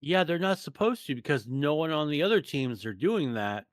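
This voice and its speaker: A man's voice: a little high, expressive, normal speed, no room sound, clean studio sound. A man co-hosting a casual podcast, ranting sarcastically with lots of stammers and restarts. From United States. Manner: rambling, stammering, sarcastic rant. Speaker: podcast co-host. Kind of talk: casual chat.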